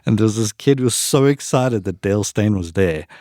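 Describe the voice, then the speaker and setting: A man, co-hosting a casual podcast, excitable and swearing freely. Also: on the low side, normal speed, no echo, studio quality. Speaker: co-host.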